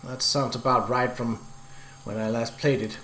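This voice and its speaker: A man casually commenting on a video game as he plays, hesitant and halting, with frequent ums and restarts. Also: mid-range voice, little pitch movement, sharp tone, slight background noise. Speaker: let's play gamer. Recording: echoey room.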